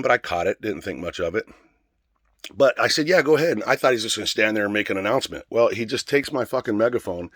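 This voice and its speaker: A middle-aged man with a lowish voice tells a story in a casual, rambling way, swearing freely. He sounds out of breath. His voice is recorded dry and close, with no room echo. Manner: profane, rambling, conversational.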